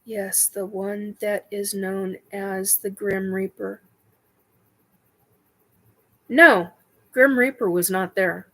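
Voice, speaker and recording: Slow, halting woman on a livestream. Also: mid-range voice, steady tone, pushed and bright, low-quality recording. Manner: slow, halting, with many ums and self-corrections. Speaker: host of a spiritual livestream chat. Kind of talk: casual livestream chat reading viewer questions.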